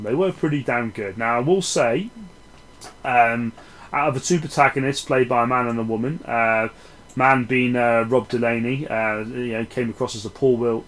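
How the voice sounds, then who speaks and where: A man's voice: medium pitch, a little hiss or hum, poor audio. A man giving a casual film review in a rambling, sarcastic, sweary way.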